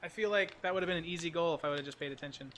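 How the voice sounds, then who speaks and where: A man's voice: a little high, very fast, fairly bright tone. A man hosting a livestream, chatting casually and playfully, poking fun at himself while he plays a game. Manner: playful, self-deprecating, chatty. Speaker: host.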